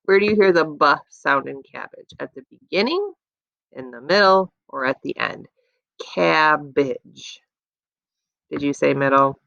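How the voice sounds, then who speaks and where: A woman teaching young children a phonics lesson, patiently encouraging them and sounding out letters slowly, recorded on a dull lo-fi setup. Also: sits low, very animated, vocal fry, fairly bright tone, dry recording. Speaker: elementary school teacher.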